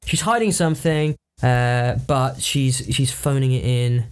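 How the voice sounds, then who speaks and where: Podcast guy riffing, swears a lot, laughs easy, average pitch. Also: clear, resonant tone. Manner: loose, swearing, quick laughs. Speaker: podcast co-host. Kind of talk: casual improvised brainstorming chat.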